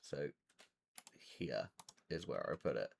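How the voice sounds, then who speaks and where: A man's voice: extremely low pitch, expressive, takes it slowly, creaky. A man narrating as game master for a tabletop game, rambling with many fillers.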